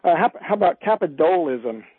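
A man's voice: a little high, animated, a little fast, breathy edge, no room sound. A man calling in to a radio show, chatting with hesitant fillers. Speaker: caller. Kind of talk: phone-in call. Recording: tinny phone line.

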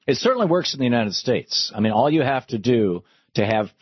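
A man's voice: medium pitch, sing-song, brisk, husky, no echo. A man hosting a talk radio show, explaining things in a conversational way. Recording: dull lo-fi radio recording.

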